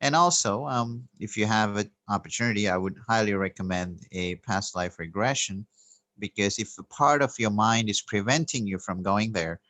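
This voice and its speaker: Man, lowish voice, dry close sound, spiritual teacher, earnest storytelling. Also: fairly bright tone, no echo. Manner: earnest, unhurried, with frequent fillers and restarts.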